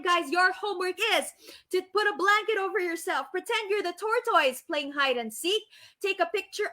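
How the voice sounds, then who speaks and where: A Filipino woman reading a story aloud live for children, animated and gushing, often asking the kids questions. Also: high-pitched. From Philippines.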